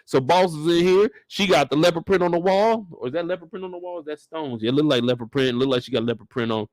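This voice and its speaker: A fast-talking young man with a voice on the high side recaps a show comedically, with no echo. He's animated, swears heavily, and plays out each character as he jokes through the episode.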